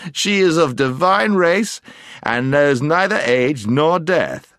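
A man's voice: fairly high pitch, animated, slow pace, a bit bright, no echo, studio quality, full character voice. A man voicing a hearty, courtly knight in an audiobook, with a boastful manner. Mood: grandiose. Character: grandiose laughing male knight, courtly. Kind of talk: audiobook character voice.

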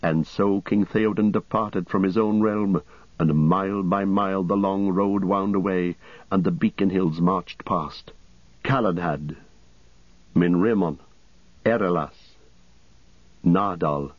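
A man reading an audiobook as narrator in a steady, measured way. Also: sits low, no echo, lo-fi sound. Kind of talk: scripted narration.

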